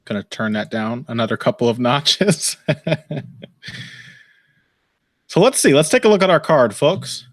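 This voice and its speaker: Man, podcast host, casual livestream chat, rambling, wry, cursing, mid pitch, dry close sound. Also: sing-song, measured pace, pauses often, dry recording. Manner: rambling, wry, swears freely, laughs often. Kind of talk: casual live fight commentary. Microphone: headphones and desk mic.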